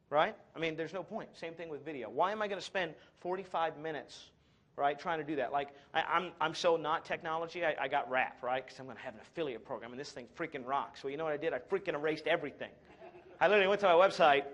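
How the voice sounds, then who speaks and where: Upbeat male seminar presenter, a touch high-pitched, with dry sarcasm and self-mockery. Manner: energetic, sarcastic and self-mocking. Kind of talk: live marketing talk to an audience.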